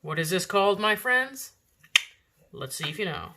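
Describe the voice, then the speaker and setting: A woman's voice: medium pitch, very animated, moderate pace, noisy background. A woman teaching a children's art lesson with playful, theatrical pirate talk that she slips in and out of. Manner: hammy put-on pirate talk, slipping in and out of it. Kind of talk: online art lesson for kids.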